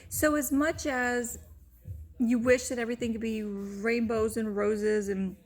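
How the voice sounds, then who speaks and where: A woman's voice: on the high side, steady tone, measured pace. A woman vlogger telling a candid personal story straight to the camera, open and rambling, with many "like"s and "you know"s.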